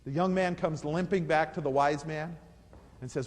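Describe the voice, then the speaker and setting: Male motivational speaker with a high voice, storytelling and emphatic, in a reverberant hall. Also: normal speed. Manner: animated, repeats phrases for emphasis.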